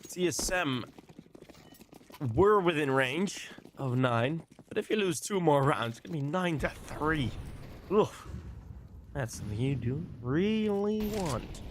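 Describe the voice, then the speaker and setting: A man casting a live match with play-by-play commentary, excitable and quick to exclaim between calls. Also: a little high, slight background noise. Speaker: esports caster.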